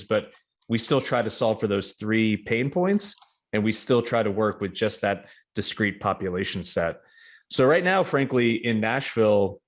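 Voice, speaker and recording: A middle-aged man from New York, a guest in an interview, talking in a measured, confident way with many fillers and restarts. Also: fairly low pitch. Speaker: real estate investment guest. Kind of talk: casual interview talk.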